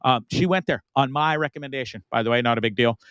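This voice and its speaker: A man's voice: mid-range voice, fast talker, fairly bright tone, clear, resonant tone, dry recording. A middle-aged man from Canada hosting a live online talk show, rambling and enthusiastic in casual chat. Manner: rambling, enthusiastic, frequent laughs and asides.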